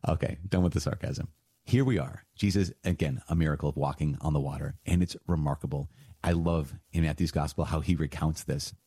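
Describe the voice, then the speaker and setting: Deep, husky, emphatic preacher man. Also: a little fast, no echo, studio quality. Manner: animated, emphatic, laughs and jokes with sarcasm. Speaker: priest teaching on scripture. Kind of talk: conversational sermon.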